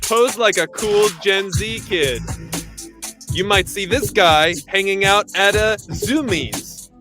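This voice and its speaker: A man's voice: high voice, takes it slowly, over music. A man hosting a comedy stream, giving playful mock fashion-show commentary in a sing-song announcer manner. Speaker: host.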